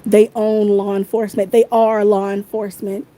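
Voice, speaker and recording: A woman rants angrily into her phone on a livestream, swearing freely and circling back to the same phrases again and again. Her voice is warm and mellow, with a soft, dark tone even as she gets heated. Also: mid-range voice, normal speed, rough recording. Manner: heated, profane, repeats phrases. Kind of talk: angry livestream rant.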